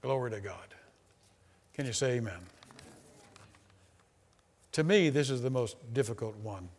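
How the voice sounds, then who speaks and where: A man's voice: medium pitch, lively intonation, a little slow. Emphatic male preacher in an echoing hall. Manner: emphatic, repetitive, shifts between loud and hushed. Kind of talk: sermon.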